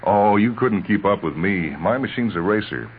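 A man's voice: on the low side, animated, moderate pace, slight background noise, voice pushed up. A man voicing a confident, breezy young woman cyclist with a teasing manner, on a tinny old radio recording.

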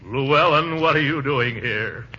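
An actor playing a blustery, pompous middle-aged uncle in a 1940s radio comedy, with a flustered, bombastic delivery. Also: male voice, unhurried, bright, forceful tone, a little hiss or hum. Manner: bombastic, flustered, booming outbursts. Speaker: uncle and employer. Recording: muffled old radio broadcast.

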